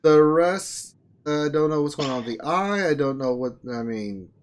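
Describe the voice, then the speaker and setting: A man's voice: a little high, moderate pace. A man hosting a casual live-stream chat, reacting to photos with sarcastic, mock-appalled comments. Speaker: show host.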